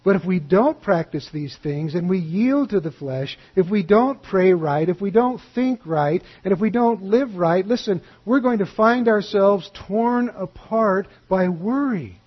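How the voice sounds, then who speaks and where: High-voiced husky male preacher. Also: unhurried, few pauses, dull audio. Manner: earnest preaching with animated storytelling, softening to a hushed close. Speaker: pastor. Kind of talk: sermon.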